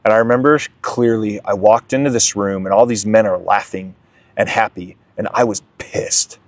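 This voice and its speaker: A man's voice: lowish voice, fairly even intonation, normal speed, no echo. A young man sharing his recovery story in a candid, emotional way as an interview guest. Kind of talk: candid testimony.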